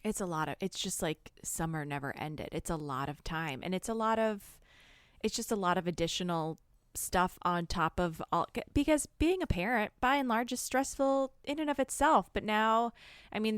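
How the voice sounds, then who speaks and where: A woman co-hosting a podcast in casual chat, quick with asides and laughing easily. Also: on the low side, clean tone, dry recording, clean studio sound. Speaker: podcast co-host.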